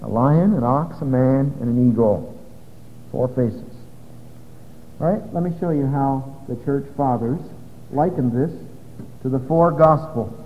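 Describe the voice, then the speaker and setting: A man's voice: mid-range voice, measured pace, pauses often, a little hiss or hum. A man teaching an evening Bible study to a live audience, explaining step by step in a conversational way. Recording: dull lo-fi recording with long hall reverb.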